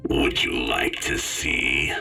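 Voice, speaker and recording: A man voicing a creepy, croaky-voiced male stranger who speaks in a slow, taunting half-whisper. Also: bright, forceful tone, faint music behind. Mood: menacing.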